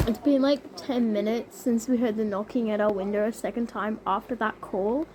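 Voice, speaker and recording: A woman's voice: fairly high pitch, dark tone. A young woman casually telling a ghost-hunt vlog, chatty and full of fillers. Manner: chatty, many fillers, shrieks when scared. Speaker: vlogger.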